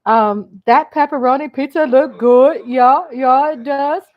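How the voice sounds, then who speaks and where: A woman's voice: sits high, unhurried, dull audio. A woman hosting a casual live chat, greeting viewers by name and laughing often. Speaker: livestream host.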